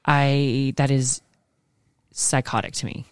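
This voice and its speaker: A woman's voice: a bass voice, little pitch movement, takes it slowly, clear, resonant tone, no echo, studio quality. Chatty laughing woman teacher. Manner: chatty, laughing, swears casually. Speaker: co-host, schoolteacher. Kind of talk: casual chat.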